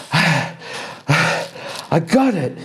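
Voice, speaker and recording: A man's voice: on the high side, sing-song, extremely slow, a bit bright, pitched above the performer's own voice, full character voice. A man voicing a flustered, defensive young woman archer in a tabletop game. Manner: flustered, apologetic.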